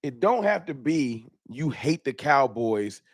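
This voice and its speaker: A man hosts a live fan talk stream, chatting in a loose, slangy, animated way. His voice sits in a middle range. The sound is dry and close with no room echo. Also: mid-range voice, takes it slowly. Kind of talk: casual live-stream chat.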